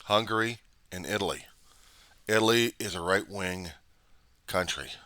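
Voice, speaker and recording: A man's voice: sits low, unhurried, sharp tone, dry recording. A man giving a political commentary monologue in an argumentative way, full of rhetorical questions. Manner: argumentative, rhetorical questions, acts out both sides. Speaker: vlogger.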